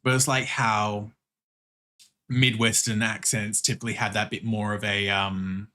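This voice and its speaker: A man's voice: on the low side, flat delivery, a little slow, sharp tone. An Australian man chatting casually with viewers while drawing on stream, swearing freely and laughing often. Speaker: art streamer.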